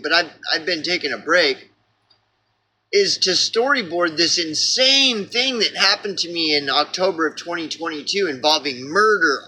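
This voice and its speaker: A man's voice: high voice, bright, forceful tone, low-quality recording. A man with an Oklahoma accent ranting in a rambling, profane vlog, full of fillers and restarts. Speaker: vlogger. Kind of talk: rambling personal rant.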